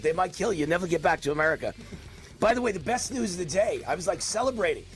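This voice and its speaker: A man in his sixties hosting a live political talk stream, with a faint New York accent and a rambling, animated manner full of mocking asides. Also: high voice, fast talker, faint music behind. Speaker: host.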